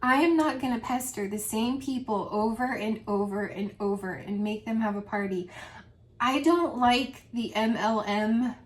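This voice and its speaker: A woman's voice: on the high side, moderate pace. A woman vlogger with a grown daughter, talking earnestly and emotionally in a rambling heart-to-heart about selling home fragrance. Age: adult with a grown daughter. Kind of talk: casual heart-to-heart monologue.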